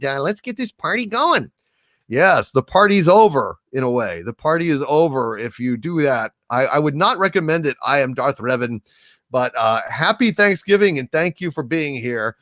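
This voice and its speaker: Halting man hailing viewers on stream. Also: a little high, big pitch swings, fairly bright tone, no room sound, clean studio sound. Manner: grandiose mock-overlord greetings, halting with many fillers. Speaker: livestream host reading super chats. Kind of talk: casual livestream chat.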